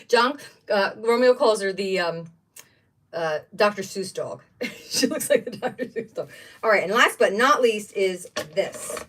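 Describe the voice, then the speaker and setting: A woman's voice: mid-range voice, expressive, measured pace, fairly bright tone. A woman hosting a casual craft livestream, chatting and exclaiming over each item she unboxes. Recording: voice somewhat distant from the mic.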